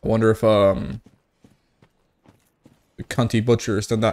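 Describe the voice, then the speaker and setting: A man's voice: fairly low pitch, level tone, moderate pace, darkish tone. A young man giving casual, profane gameplay commentary, joking and tipsy from whiskey, with sudden outbursts at the game. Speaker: gaming streamer.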